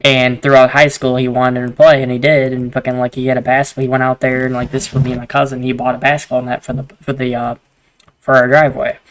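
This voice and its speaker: Young male host, mid-pitched, loose storyteller who swears freely and keeps restarting his sentences. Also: completely flat delivery, quick pace, a little hiss or hum. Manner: rambling, swears a lot, restarts often. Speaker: gaming video host. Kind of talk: casual storytelling chat while gaming.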